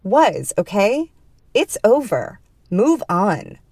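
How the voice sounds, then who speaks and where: A towering, blunt woman who is tough but caring and speaks low, firm and urgent, as a woman narrator puts her on. Her lines come in a mellow, dry voice. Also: very animated, normal speed, no echo.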